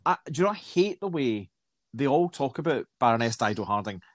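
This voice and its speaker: A man's voice: medium pitch, sing-song, brisk, no room sound, clean studio sound. A middle-aged man co-hosting a podcast from home, wry and jokey. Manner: wry, jokey, does silly impressions. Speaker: podcast co-host. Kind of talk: casual chat.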